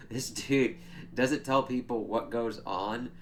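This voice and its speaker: A man's voice: medium pitch, slow, a little hiss or hum. A man giving a casual, chatty spoiler recap of a TV episode, swearing freely and laughing as he retells scenes. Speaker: show reviewer.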